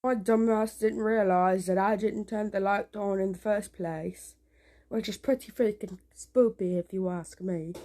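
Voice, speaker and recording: A young woman films herself on a phone inside a small home at night. She talks nervously in a hushed, rambling way and swears casually. Her voice sits in a mid range with a mellow, soft tone. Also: mid-range voice, steady tone, measured pace. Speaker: vlogger. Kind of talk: casual handheld vlog.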